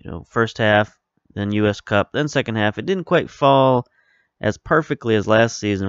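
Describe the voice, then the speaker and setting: A lower-pitched man with a smooth, clear voice talks his way through a management game in a loose, rambling way, often stopping to correct himself mid-sentence. He is close to the mic in a dry room, and the sound is a little dull. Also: moderate pace, no echo. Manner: rambling, self-correcting, relaxed. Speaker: video game let's-play host. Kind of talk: casual commentary over gameplay.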